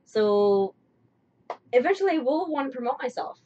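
Casting: young woman, slightly high voice, chatty live-stream co-host, giggly, dull lo-fi sound with faint hiss. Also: very animated, normal speed, mellow. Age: young adult. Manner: chatty, laughs often, restarts sentences. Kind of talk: casual chat.

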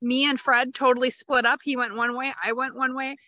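A woman's voice: high-pitched, little pitch movement, fairly quick, bright, forceful tone. A woman chatting on a video call as a panel guest, explaining her point step by step. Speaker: sales consultant on a panel. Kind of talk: casual chat on a video call. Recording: dull, lo-fi video call audio.

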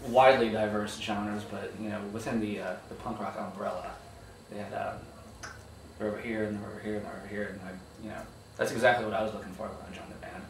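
A man in his thirties who plays bass, talking in a wry, hesitant way in a casual interview. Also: steady tone, quick pace, few pauses. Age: 30s. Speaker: bass player. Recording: echoey room from far off, with faint noise.

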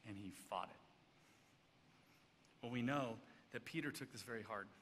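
A man preaching a sermon as pastor, swinging between loud emphatic stretches and hushed, soft passages. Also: medium pitch, moderate pace. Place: church sanctuary. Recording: church hall reverb, faint background noise.

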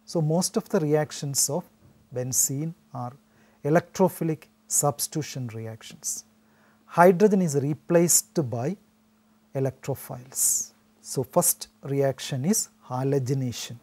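Dark-toned chemistry lecturer. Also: male voice, a little high, unhurried, slightly rough. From India. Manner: steady explanatory delivery with frequent "so" restarts. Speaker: chemistry teacher. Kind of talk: recorded classroom lecture.

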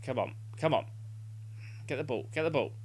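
A man's voice: medium pitch, normal speed, slight background noise. A young man playing a football video game live, urging his team on and swearing in frustration. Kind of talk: live gameplay commentary.

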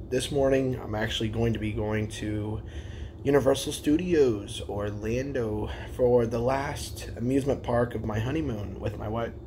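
A young man talks through his day in a casual vlog, with an excited, rambling delivery full of restarts. He sounds a little tired after little sleep, and his voice sits in a middle pitch. A faint background noise is heard. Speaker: vlogger.

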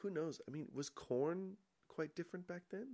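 A man guesting on a podcast in casual chat, rambling into absurd jokes with a deadpan delivery. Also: fairly high pitch, normal speed, gravelly.

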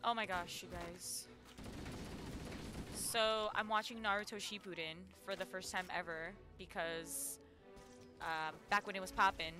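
A young woman streaming gameplay, talking to her viewers in an excitable, giggly way with frequent gasps and exclamations. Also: fairly low pitch, measured pace, music in the background. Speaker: gaming streamer. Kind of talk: live gameplay commentary.

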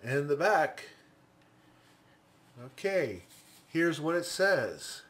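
Chatty excited guy unboxing pencils, kinda high voice, takes his time. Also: extremely slow, slight background noise. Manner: enthusiastic, chatty, thinking aloud. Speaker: pencil reviewer. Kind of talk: casual unboxing commentary.

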